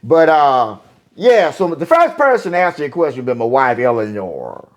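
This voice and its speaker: A man's voice: medium pitch, huge pitch swings, moderate pace, lo-fi sound. An older man, a singer talking in an interview in a rambling, folksy way with many fillers and restarts.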